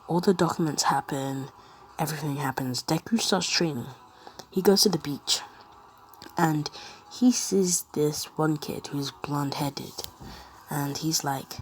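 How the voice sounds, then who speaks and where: A woman narrating an improvised fan story, rambling and halting. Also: low-pitched, slight background noise.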